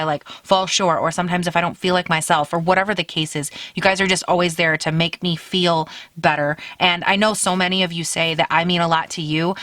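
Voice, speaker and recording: A woman's voice: on the low side, fairly bright tone, no echo. A woman in her late twenties, a beauty YouTuber chatting casually to her viewers from her bedroom, upbeat and talkative, calling her audience "girl.". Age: late 20s. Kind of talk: casual vlog chat to camera.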